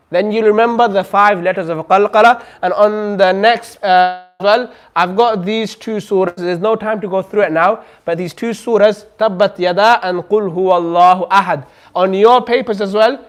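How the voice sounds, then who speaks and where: A man teaching a Quran recitation class, patiently drawing out sounds slowly for students to repeat. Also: high-pitched. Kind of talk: classroom lesson. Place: community centre classroom.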